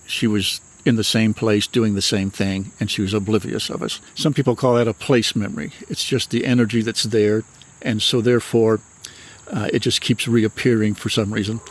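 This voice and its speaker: A man in his sixties from Michigan, a retired minister telling his own experiences in an earnest, unhurried, matter-of-fact way. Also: on the low side. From Michigan, USA. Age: 60s. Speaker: retired minister and paranormal author. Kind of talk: personal storytelling in an interview.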